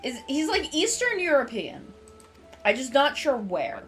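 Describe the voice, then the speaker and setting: Woman streamer, chatty and excitable, pitch swings wildly, slightly high, game music faint. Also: unhurried. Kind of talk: casual live-stream gaming chat.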